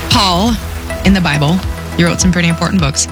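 A woman talking casually about faith in a relaxed, conversational way. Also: on the low side, a little fast. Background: music bed.

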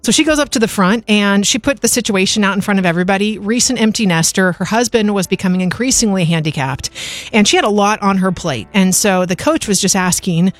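A woman's voice: mid-range voice, brisk, dry recording. A woman hosting a radio show, telling a story and acting out the quotes, over faint music. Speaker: radio host. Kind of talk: devotional radio talk.

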